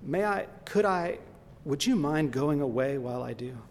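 A man voicing a frightened young girl in a retold storybook scene, pleading in a halting, hesitant way. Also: a little high, lively intonation, slight background noise. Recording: long reverb in a large hall.

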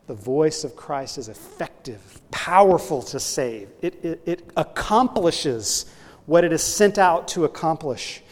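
Preacher in a reverberant hall. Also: male voice. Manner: earnest preaching, voice swelling loud on key points then dropping low. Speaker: pastor. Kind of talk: sermon.

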